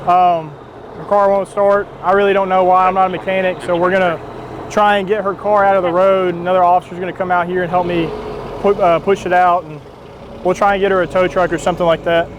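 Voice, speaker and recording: High-pitched cop guy, easygoing and reassuring, traffic noise all around him. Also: little pitch movement, quick pace. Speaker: police officer. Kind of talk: casual on-duty narration to camera. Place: outdoors on a busy road. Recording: street noise outdoors.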